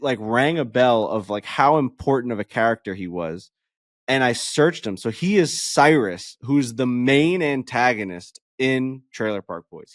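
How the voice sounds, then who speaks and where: Animated, profane male podcast storyteller. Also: mid-range voice, no echo, clean studio sound. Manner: animated, profane, acts out quoted exchanges. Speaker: podcast co-host. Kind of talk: casual storytelling chat.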